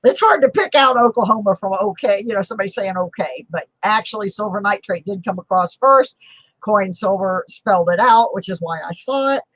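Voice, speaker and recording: A woman's voice: mid-range voice, lively intonation, a little fast, fairly bright tone, no echo, low-quality recording. A middle-aged woman hosting a casual coin collecting live stream, chatting in a rambling, self-deprecating, humorous way from her home. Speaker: host of a coin collecting show. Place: home on a mountain.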